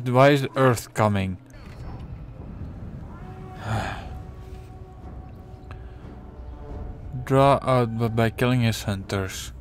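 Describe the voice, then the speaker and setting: A man's voice: medium pitch, clean tone. A man commentating his own gameplay, exasperated and swearing constantly while muttering to himself. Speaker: let's play gamer.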